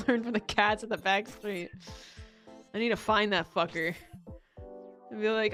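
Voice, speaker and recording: A woman's voice: medium pitch, unhurried, fairly bright tone, faint music behind. A young woman streamer in a casual chat, talking freely, swearing and laughing often.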